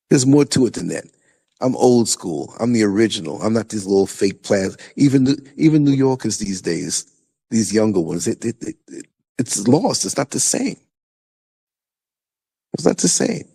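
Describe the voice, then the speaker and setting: An older man tells his stories in a casual chat, repeating himself for emphasis. His voice is gravelly and a little husky, and his pitch swings widely as he talks. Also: normal speed, long pauses. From New York. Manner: animated storytelling, emphatic and repetitive. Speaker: podcast host.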